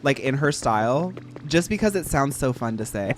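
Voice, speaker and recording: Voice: medium pitch, animated, moderate pace, soft background music. A streamer with an American accent chatting casually and giggling through a game livestream, with lots of filler words.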